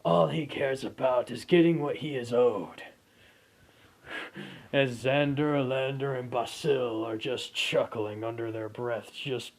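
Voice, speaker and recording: A man's voice: medium pitch, takes it slowly, darkish tone. A man narrating an improvised fan story casually, with restarts and asides.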